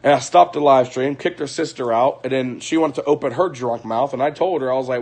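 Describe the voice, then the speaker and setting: A man's voice: medium pitch, fairly quick, darkish tone. A man ranting casually on a livestream at home at night, profane and heated, repeating himself and breaking into laughter.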